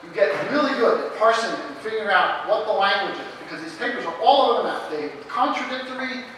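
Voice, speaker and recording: A middle-aged man speaks animatedly in a live Q&A, his voice high and bright. He tells anecdotes and restarts his sentences often. He is recorded from a distant mic in a reverberant lecture hall. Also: lively intonation, fast talker. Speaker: guest speaker in a Q&A. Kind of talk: live Q&A answer. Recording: echoey hall from a distant mic, faint background noise.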